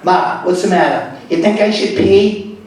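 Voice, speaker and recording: A man voicing his old mother, who nags and scolds loudly in a blunt, fretful way. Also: lowish voice, measured pace, background noise, lightly acted. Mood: fretting. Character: loud nagging old Italian-American mother. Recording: echoey club from far off.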